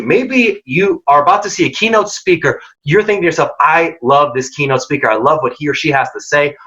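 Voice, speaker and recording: A man's voice: a little high, pushed and bright. A man presenting a career workshop, giving direct, emphatic advice and acting out quoted dialogue. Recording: dull lo-fi audio.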